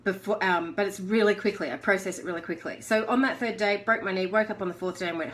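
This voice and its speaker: A woman's voice: medium pitch, fast talker, few pauses. An Australian woman hosting a live motivational talk, telling a personal story with lots of laughter. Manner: animated storyteller who laughs often; acts out her own inner voice in quotes. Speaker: host of a live motivational show.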